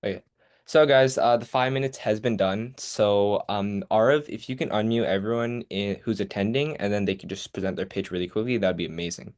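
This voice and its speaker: A teenage boy with a lowish voice gives friendly, loose feedback on pitches during an online session. He talks casually, with plenty of fillers and restarts. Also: fairly quick, a little mellow. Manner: casual, encouraging, many fillers. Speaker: workshop presenter.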